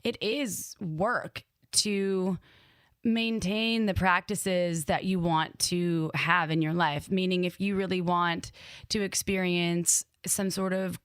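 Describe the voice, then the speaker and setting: A woman in her thirties co-hosting a podcast, talking in a frank, animated way that swings up and down in pitch. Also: slow, smooth, dry recording. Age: 30s. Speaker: podcast co-host. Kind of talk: candid casual chat.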